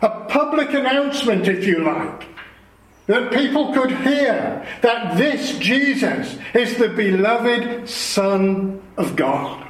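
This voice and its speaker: Slow, high-voiced man preaching. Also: expressive, reverberant, low-quality recording. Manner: slow, earnest expository preaching. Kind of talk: sermon.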